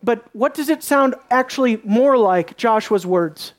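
A preacher giving a sermon, reading scripture aloud and asking the congregation questions, dropping into soft low asides and rising into sharp emphasis. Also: animated, a little slow. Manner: reads scripture aloud and asks the listeners questions.

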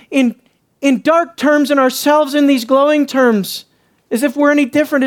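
In an extremely high-pitched voice, a man preaches an expository sermon, posing rhetorical questions. He moves between hushed and emphatic tones and grows sarcastic when he imitates others.

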